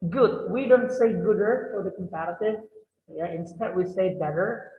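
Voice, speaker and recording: High-voiced teacher in an echoey hall. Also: male voice, normal speed, a little hiss or hum. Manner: switches between English and Indonesian, asks students questions. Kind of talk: classroom explanation. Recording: echoey hall over a tinny line.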